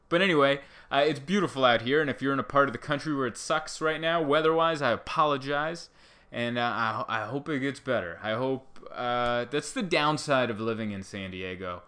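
A man's voice: medium pitch, moderate pace, sharp tone, clear, resonant tone. A man from Southern California hosting his own weekly show from his living room, rambling through sarcastic, self-mocking jokes. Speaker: podcast host. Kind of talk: casual solo monologue. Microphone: microphone into a laptop.

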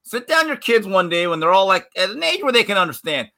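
A man hosting a sports talk show, telling stories in a lively way and often restarting his sentences. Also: high-pitched, quick pace, vocal fry. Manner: animated storyteller, restarts mid-sentence. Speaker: show host.

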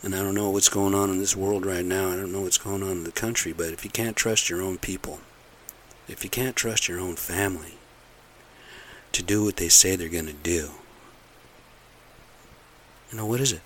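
A man's voice: deep voice, fairly even intonation, normal speed, pauses often, a bit bright, a little hiss or hum. A middle-aged man in a casual, rambling monologue, blunt and aggrieved, repeating himself as he rants. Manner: aggrieved, blunt, repetitive ranting.

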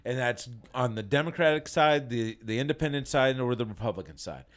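A man's voice: mid-range voice, animated, brisk. A man in casual political chat among friends, sarcastic and rambling, often restarting his sentences.

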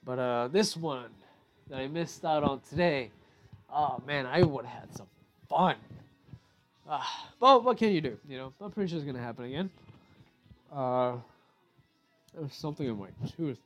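A man's voice: mid-range voice, normal speed, pauses often, faint music behind. A young adult man hosting a podcast, telling stories in a casual, rambling way with lots of swearing. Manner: profane, rambling, animated storytelling. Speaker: podcast host. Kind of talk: casual storytelling monologue.

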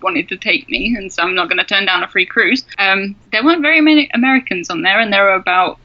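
A woman's voice: medium pitch, fast, dry recording, muffled recording. A young woman with an English accent, a guest telling stories in casual chat, laughing as she talks. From England. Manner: chatty, laughs through stories.

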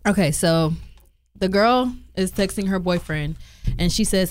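A woman's voice: medium pitch, unhurried. A woman hosting a casual group discussion, reading a text thread aloud to her friends. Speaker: podcast host.

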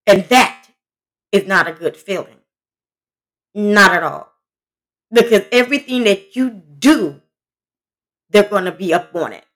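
A woman's voice: medium pitch, expressive, a little slow, long pauses, a bit bright. Woman, podcast host, casual advice talk, blunt, emphatic, speaks directly to listeners.

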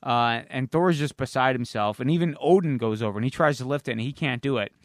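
A man's voice: mid-range voice, fast talker, dry recording. Man, podcast co-host, rambling story recap, fillers, swearing, dry close sound. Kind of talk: casual chat.

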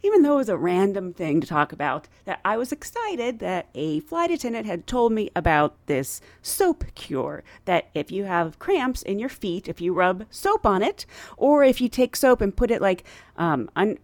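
A woman's voice: medium pitch, sing-song, normal speed, no echo. A woman hosting a podcast, telling stories in a bubbly way, laughing often and acting out the people she quotes. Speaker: podcast host. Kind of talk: casual storytelling chat.

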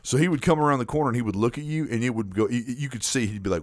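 A man hosting a podcast, telling a story in a casual, animated way with frequent repeats. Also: medium pitch, rapid-fire, hardly any pauses, no echo, clean studio sound. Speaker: podcast host.

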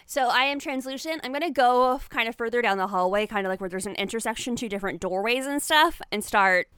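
A woman playing a tabletop game, lively and chatty. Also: on the high side, fast talker, clean tone, no room sound, clean studio sound. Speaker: player.

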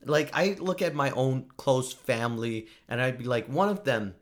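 A man's voice: medium pitch, animated, moderate pace. A man giving a casual, joking commentary monologue, often laughing at himself. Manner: joking, self-mocking, frequent laughs. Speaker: vlogger.

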